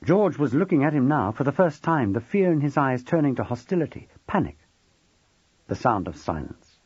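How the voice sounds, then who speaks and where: A man reading a novel aloud as an expressive, wry audiobook narrator. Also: mid-range voice, brisk, breathy edge, no room sound, muffled recording.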